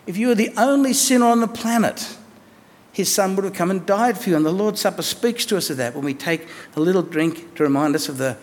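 A man preaching a sermon in a conversational, lively way, asking his listeners questions and telling stories. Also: mid-range voice. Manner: conversational, animated storytelling with rhetorical questions. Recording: long echo of a large hall.

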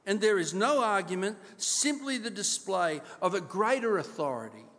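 A pastor keeps his congregation alert by quizzing them with rhetorical questions throughout his sermon. His voice sits high and fairly bright, animated but at a moderate pace, with a long hall reverb on the recording.

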